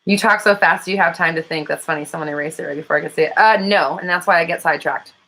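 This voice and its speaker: Fast-talking bright woman coach. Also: low voice, creaky, low-quality recording. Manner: fast-talking, self-described; chatty, frequent fillers and swearing. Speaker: law of attraction coach and host. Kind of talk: casual livestream chat with viewers.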